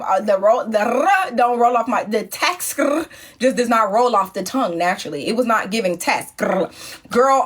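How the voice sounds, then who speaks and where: Animated young woman telling a story on a livestream. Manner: animated, swearing, imitating others in a high voice. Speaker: livestream host chatting with viewers. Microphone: phone.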